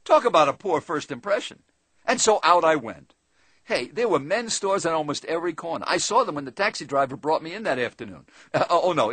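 A man's voice: fairly high pitch, fairly bright tone, dry recording. A man who trains salespeople, telling a story in a seminar style. He talks straight to the listener and often adds tag questions. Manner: conversational, addresses listener directly, asks tag questions.

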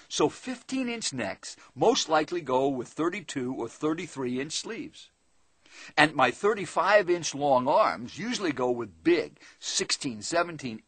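Lively husky male sales trainer. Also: fairly high pitch, dry recording. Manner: conversational, addresses listener directly, asks tag questions. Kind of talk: motivational seminar storytelling.

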